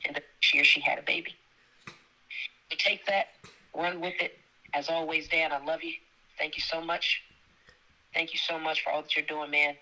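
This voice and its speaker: Very bright-voiced woman preaching encouragement. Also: low voice, fairly even intonation, moderate pace, long pauses, rough recording. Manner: emphatic, repetitive, exhorting. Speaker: faith segment guest.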